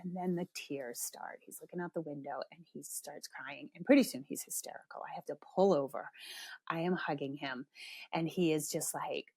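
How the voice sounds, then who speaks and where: A woman's voice: on the low side, moderate pace, dry recording. Middle-aged woman host, candid storyteller, swears freely, dry close mic. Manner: animated, drops to hushed whispers for asides. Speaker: podcast host. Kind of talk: casual storytelling.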